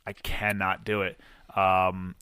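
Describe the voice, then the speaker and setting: A man's voice: deep voice, monotone, slow, sharp tone, clear, resonant tone, no room sound, clean studio sound. A man co-hosting a casual podcast, joking and rambling, coughing from allergies. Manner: joking, rambling, self-deprecating. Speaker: podcast co-host. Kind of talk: casual chat. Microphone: studio mic.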